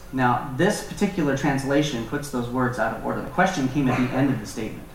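A man teaching a Bible passage in a relaxed, conversational way with joking asides. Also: fairly high pitch, a little fast, slight background noise. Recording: echoey room from far off.

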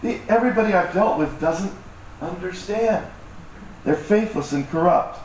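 Pastor in an echoey church hall. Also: male voice, high voice, expressive, normal speed, a little mellow, distant mic. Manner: conversational, self-deprecating, acts out voices. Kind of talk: sermon. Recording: echoey hall, mic from afar, faint noise.

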